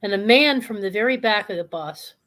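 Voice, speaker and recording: Calm woman host telling a story. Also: mid-range voice, fairly quick. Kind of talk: live show storytelling.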